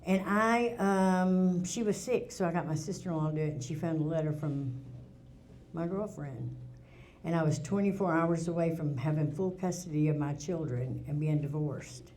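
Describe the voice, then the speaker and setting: A woman's voice: low voice, normal speed, a little mellow, a little hiss or hum. A middle-aged woman, telling her recovery story at a meeting in a candid, plainspoken way with frequent restarts. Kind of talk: personal testimony at a recovery meeting. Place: meeting room.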